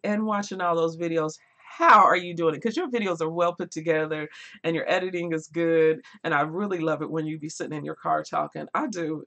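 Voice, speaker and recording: A woman's voice: fairly low pitch, a bit bright, lo-fi sound. A young woman hosting a book live stream, talking casually to her viewers, laughing often as she reads out their comments. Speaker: booktube live stream host.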